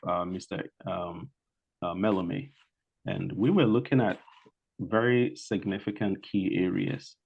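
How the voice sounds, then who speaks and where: A man's voice: lowish voice, highs cut off. A man from Ghana with a Ghanaian accent giving an online presentation, speaking hesitantly with many fillers and restarts. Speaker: guest speaker.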